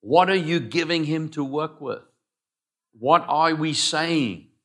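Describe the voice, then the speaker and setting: A man preaching a sermon as pastor, swinging between loud calls and quiet asides and having the congregation repeat phrases after him. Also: on the high side, slow pace.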